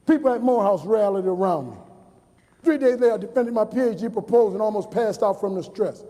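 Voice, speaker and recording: Fast and mellow, with lively intonation and a high pitch, a forties-aged New Orleans man gives students a motivational speech. He's a motivational speaker who tells stories with emphatic repetition, in a large hall with long reverb.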